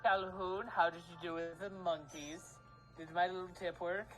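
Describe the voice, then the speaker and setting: A man's voice: moderate pace, faint music behind, rough recording. A man voicing a courteous, pompous nobleman who speaks with over-polite manners. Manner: genteel, overly polite, lively pitch.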